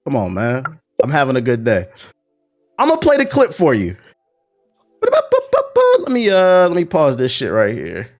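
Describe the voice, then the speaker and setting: A man who makes gaming content, ranting to his chat in an animated, profane and indignant way. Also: mid-range voice, normal speed, soft background music.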